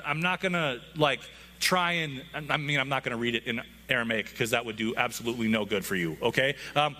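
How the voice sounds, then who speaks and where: A man's voice: on the high side, sharp tone. A man, a pastor, preaching a conversational sermon to his congregation with frequent asides.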